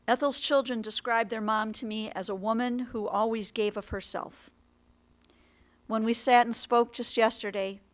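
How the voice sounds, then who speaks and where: A woman officiant giving a funeral eulogy in a chapel, speaking slowly, gently and in a measured way. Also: medium pitch.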